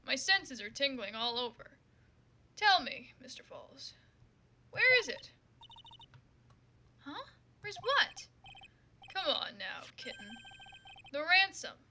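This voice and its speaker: Figure: a woman doing a suave, cocky male lawyer. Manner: low teasing drawl, slow. Tone: bright. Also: huge pitch swings, a little hiss or hum, exaggerated voice.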